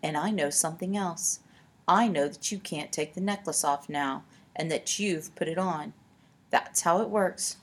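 A woman reading aloud and voicing a cold, sly ghost of a young woman who speaks softly and menacingly, with a husky voice. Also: lively intonation, moderate pace. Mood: softly threatening. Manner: cool, then soft and low.

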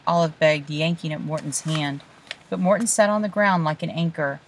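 A woman narrating a children's storybook with hushed, suspenseful storytelling. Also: low-pitched, moderate pace, breathy edge, rough recording. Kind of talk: storybook reading.

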